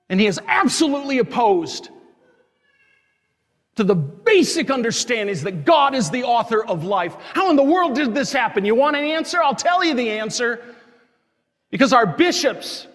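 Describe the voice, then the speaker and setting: A man's voice: very high-pitched, a bit bright. A man, a diocesan priest, delivering an impassioned, indignant sermon in a church. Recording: long church reverb.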